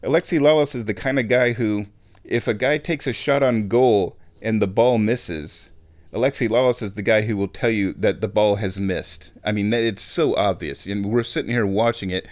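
A man at home, ranting and giving casual opinionated commentary on a football match, often clearing his throat. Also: on the low side, normal speed. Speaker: fan watching a football match.

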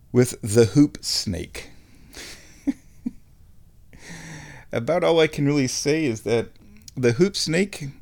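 A man's voice: medium pitch, a little mellow. A man rambling to the camera at home, wry and digressive, with frequent chuckles. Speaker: vlogger. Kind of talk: casual rambling monologue.

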